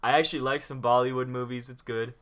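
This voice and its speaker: A man's voice: medium pitch, flat delivery, quick pace, a bit bright. A young man hosting a podcast, chatting casually, rambling, swearing and laughing often. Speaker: podcast host. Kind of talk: casual chat.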